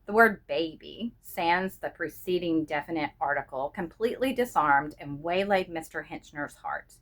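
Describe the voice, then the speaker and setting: A woman reading a short story aloud in a measured, expressive narrating manner. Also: deep voice. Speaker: reader.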